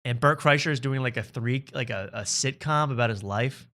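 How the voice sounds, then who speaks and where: Male comedy podcast host, sarcastic and ranty, bright voice. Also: mid-range voice, moderate pace. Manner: sarcastic, ranting. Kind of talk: casual comedy podcast chat.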